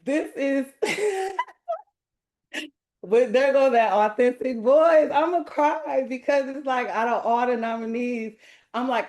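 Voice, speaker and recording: Woman, award acceptance, excited and heartfelt, casual slang, video call mic. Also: sits high, slow pace, long pauses. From Milwaukee, USA. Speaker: award winner and speaker. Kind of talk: emotional acceptance speech.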